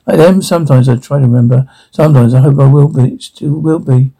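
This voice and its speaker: A man speaking TV drama dialogue in a weary, gruff way, with a gravelly, husky voice. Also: mid-range voice, a little fast, dark tone.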